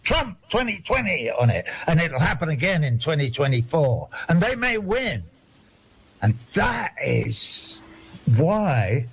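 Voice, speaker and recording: A man's voice: mid-range voice, husky. An older man, talking in a rambling, digressive, indignant way during a casual discussion.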